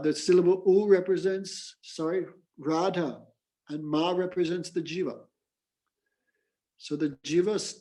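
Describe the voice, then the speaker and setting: A man's voice: high voice, darkish tone. A man, a spiritual teacher giving a scripture class and telling stories in plain, patient explanations. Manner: plain, patient explaining, breaks into mantra chanting.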